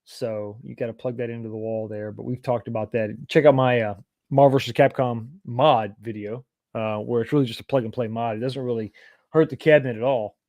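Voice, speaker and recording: A man's voice: medium pitch, steady tone, a little fast, darkish tone, no room sound. Rambling man, dry sound. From East Texas. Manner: rambling, reads viewer comments aloud and answers them. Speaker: livestream host. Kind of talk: casual livestream chat.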